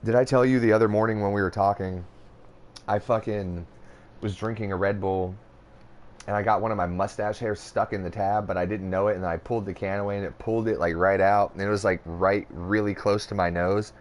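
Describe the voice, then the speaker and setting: Young male podcast co-host, lower voice, easygoing and crude banter. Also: steady tone, fairly quick. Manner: laid-back, swears a lot, laughs often. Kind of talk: casual chat.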